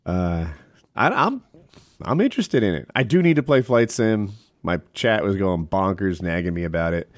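Animated, rambling man streamer. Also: low-pitched, normal speed, no room sound. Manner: rambling, animated, laughs often. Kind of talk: casual chat.

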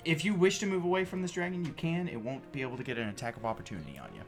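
A man's voice: fairly high pitch, very fast, soft background music. A man running a tabletop game as game master, swearing and joking with his players. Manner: profane, laughing banter.

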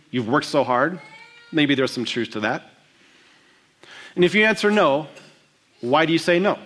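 A male pastor preaching to his congregation. His delivery is expressive, and he slows down to stress the key lines. He voices the quoted speakers in the story he retells. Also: medium pitch. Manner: expressive preaching, acting out quotes with slowed emphasis. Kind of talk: sermon.

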